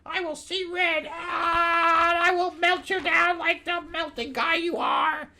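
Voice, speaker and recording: A man voicing a furious fiery superheroine in a melodramatic, shrieking falsetto. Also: level tone, takes it slowly, vocal fry, sharp tone, slight background noise, heavily acted. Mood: enraged.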